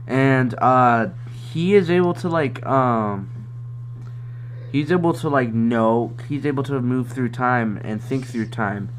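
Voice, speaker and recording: A man's voice: medium pitch, takes it slowly. Young guy rambling on a podcast, lots of uhs, giggly, faint hum behind. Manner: rambling, hesitant, laughs often. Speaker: podcast co-host. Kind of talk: casual chat.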